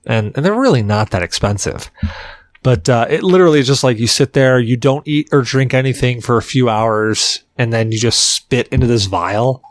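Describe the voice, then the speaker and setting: A man's voice: medium pitch, moderate pace, dry recording. Rambling, chatty male podcast storyteller. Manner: rambling, heavy use of "like"; animated anecdote teller. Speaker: podcast co-host. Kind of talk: casual storytelling chat.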